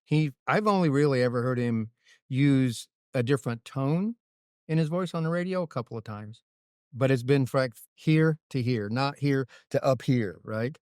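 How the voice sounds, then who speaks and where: Sex: man. Role: racing crew chief, guest. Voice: smooth, mid-pitched. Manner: animated storytelling, "right?" tags. Sound: dry. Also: normal speed, no room sound. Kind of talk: casual interview storytelling.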